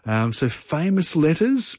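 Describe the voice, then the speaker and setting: A man with an Australian accent hosting early-morning talk radio in a relaxed, chatty manner with many fillers. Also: a little high, a little slow, husky, dry recording. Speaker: radio show host. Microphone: studio mic. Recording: dry, slightly dull broadcast.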